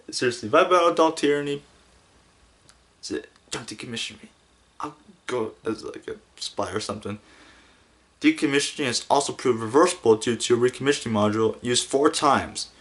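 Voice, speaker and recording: A man talking through his podcast in a loose, rambling way. He stumbles and restarts and breaks into giggles as he goes. His pitch sits in an ordinary middle range. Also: moderate pace. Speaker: podcast host. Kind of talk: casual podcast monologue.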